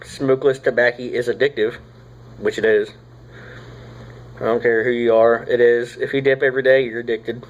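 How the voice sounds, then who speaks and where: A young man, rambling casually through a product review, swearing often and filling pauses with "uh" and "like.". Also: mid-range voice, flat delivery, low-quality recording. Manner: rambling, profane, drawling with frequent fillers. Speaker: tobacco reviewer.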